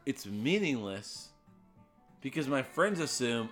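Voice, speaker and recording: A man co-hosting a relaxed podcast, winding through a long anecdote with plenty of asides. His pitch swings up and down in a lively way as he tells it. Faint music plays softly underneath. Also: normal speed. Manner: rambling anecdotal storyteller, lively. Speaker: podcast co-host. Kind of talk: casual chat, storytelling.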